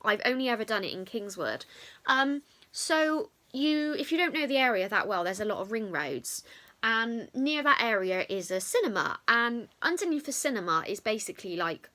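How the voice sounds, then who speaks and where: A young woman, telling a chatty storytime to camera with lots of fillers. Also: medium pitch. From England. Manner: chatty, animated retelling with many fillers. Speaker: vlogger. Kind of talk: storytime vlog.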